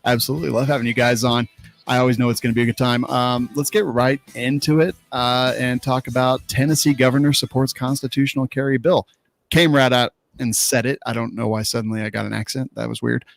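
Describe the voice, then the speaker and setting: A man's voice: medium pitch, little pitch movement, creaky. A man hosting a casual news commentary podcast, talking loosely with fillers. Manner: quick, loose delivery with fillers. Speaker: host.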